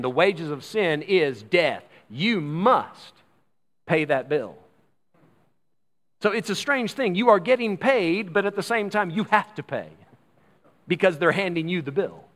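A man preaching a sermon as pastor, emphatic, slowing down to stress key phrases and acting out the voices he quotes. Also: fairly high pitch, a bit bright, in a large hall.

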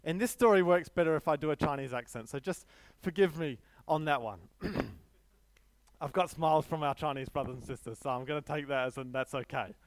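High-voiced man preaching a sermon. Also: fairly quick. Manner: emphatic, storytelling, self-deprecating humor.

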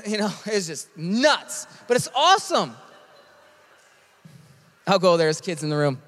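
A man preaching a sermon as a pastor, animated and conversational, with quick asides. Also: sits high, big-room sound.

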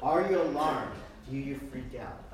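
A woman pastor preaching a sermon in a lively, joking way, full of rhetorical questions, in a church. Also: rumbling low, a little slow, a crowd in the background. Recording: very echoey room, distant mic.

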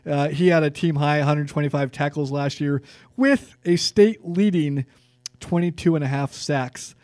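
A man's voice: a little high, a little slow, a little mellow, no room sound. A man co-hosting a sports podcast, chatting casually and reeling off player stats with plenty of fillers.

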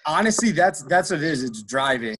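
A man's voice: a little high, sing-song, fairly quick, a bit bright, breathy edge. A man in casual chat, blunt and emphatic.

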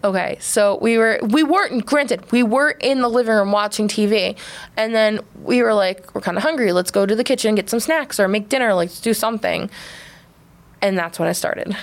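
A woman's voice: mid-range voice, moderate pace. Chatty woman telling a ghost story. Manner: animated storytelling with quoted voices. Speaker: podcast co-host. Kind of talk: casual chat.

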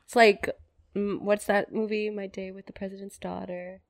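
A woman's voice: mid-range voice, flat delivery, normal speed, gravelly, no room sound, clean studio sound. A young woman co-hosting a podcast in casual chat, answering with short teasing quips. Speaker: podcast co-host.

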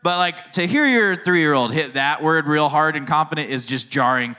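A man in his thirties delivers a relaxed sermon, chatting with his listeners and drifting into playful family anecdotes. His voice sits a little high and rings bright and forward. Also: normal speed. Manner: storytelling, conversational, playful asides. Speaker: youth pastor. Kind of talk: casual sermon.

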